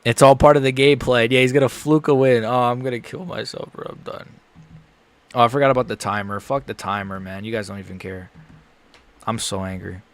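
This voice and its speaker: A young man streaming a live fight reaction, excitable, swearing and repeating himself as he swings from groaning despair to shouting. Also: medium pitch, fairly quick.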